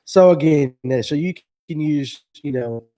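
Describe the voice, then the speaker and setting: A man's voice: fairly high pitch, measured pace, warm tone. Laid-back man hosting a fishing chat. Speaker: show host. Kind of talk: casual live-stream chat.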